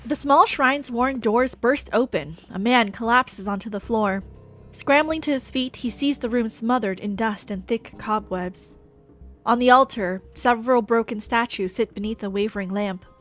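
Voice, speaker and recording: A woman's voice: on the high side, normal speed, a bit bright, soft background music. A woman streamer reading a game's story aloud in a playful, chatty way. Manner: playful, laughing between lines.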